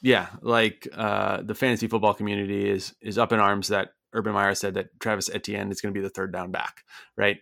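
A middle-aged man co-hosting a podcast in a loose, rambling chat with plenty of fillers. His voice sits low with a gravelly edge. The sound is close and dry. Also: fairly quick, no echo. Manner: relaxed, rambling, many fillers. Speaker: podcast co-host.

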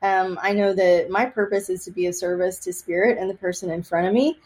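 Texas lady medium chatting on a podcast, animated, laughs a lot, lots of ums. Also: on the low side, brisk. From Austin, Texas. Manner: animated storyteller, laughs often, many fillers. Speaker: psychic medium guest. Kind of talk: casual interview chat.

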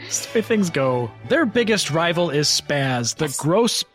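A man with a high, very lively voice reads a ridiculous plot summary to his friends and keeps cracking up. There is faint music underneath. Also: a little slow. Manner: reads with rising giggles, breaks into laughter. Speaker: host reading a silly plot summary. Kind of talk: comedic reading with laughter.

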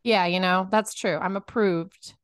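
A woman's voice: medium pitch, steady tone, a little slow, clear, resonant tone, no echo, clean studio sound. A young woman co-hosting a comedy podcast, chatting playfully and rambling with many "likes". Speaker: podcast co-host. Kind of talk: casual comedic chat.

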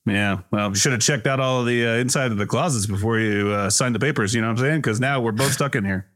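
A man's voice: mid-range voice, fast talker, a bit bright, natural voice. A man improvising a laid-back stranger stuck in a closet, talking casually. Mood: deadpan.

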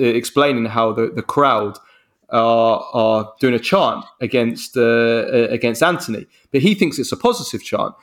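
A man, co-hosting a casual football podcast, telling stories in a rambling, animated way with many restarts. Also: mid-range voice. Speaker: podcast co-host.

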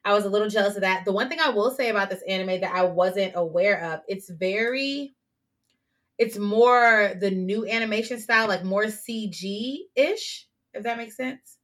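A woman's voice: mid-range voice, normal speed, a bit bright. A woman co-hosting a podcast, chatting casually and playfully about anime, laughing often. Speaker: podcast co-host.

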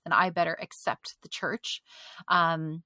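A woman's voice: fairly low pitch, fairly even intonation, measured pace, sharp tone, no room sound. A woman speaking as a podcast guest, telling her personal story candidly and animatedly, often laughing between phrases. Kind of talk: personal testimony in conversation.

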